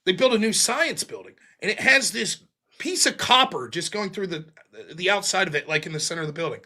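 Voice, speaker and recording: High-pitched, animated male call-in host. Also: fairly quick. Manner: profane, animated storytelling with mocking quoted voices. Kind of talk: casual call-in chat.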